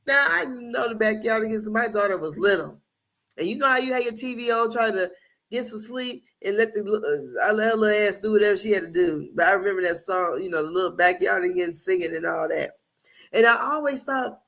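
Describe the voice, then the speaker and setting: A woman's voice: medium pitch, a little slow, bright, forceful tone. A middle-aged woman from Indiana hosting a casual recap show, chatty and rambling, often laughing as she tells stories. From Indiana, USA. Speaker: podcast host. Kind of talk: casual commentary.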